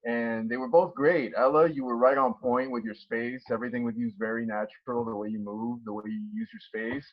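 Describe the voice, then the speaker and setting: A man giving calm praise to acting students over a video call. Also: mid-range voice, fairly quick. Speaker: guest theatre actor. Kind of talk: acting feedback. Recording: muffled distant video call.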